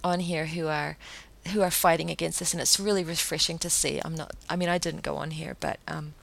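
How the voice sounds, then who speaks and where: A woman with a fairly low voice hosts her own podcast on her own. She rants with emphatic indignation and keeps firing off rhetorical questions. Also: steady tone, brisk, gravelly. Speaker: podcast host. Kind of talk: solo podcast rant.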